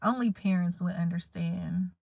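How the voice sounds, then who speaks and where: A woman's voice: fairly low pitch, lively intonation, normal speed, darkish tone, no room sound. A woman in her thirties, vlogging in a candid, emotional, rambling way and chatting casually to her viewers. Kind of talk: casual heartfelt chat to camera.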